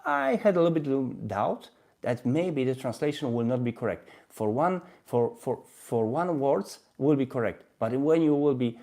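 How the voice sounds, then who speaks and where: Guy with a polish accent doing a live stream, stops and restarts a lot, keeps repeating himself, middle pitch. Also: big pitch swings, vocal fry, warm tone. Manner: halting, repeats and restarts phrases, chuckles often. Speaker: language-learning livestream host. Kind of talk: casual live-stream demonstration.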